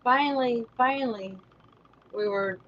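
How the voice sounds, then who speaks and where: A woman's voice: a little high, measured pace, fairly bright tone, lo-fi sound. A woman co-hosting a casual livestream, chatting and reading viewer comments. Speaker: co-host of a livestream. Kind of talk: casual chat.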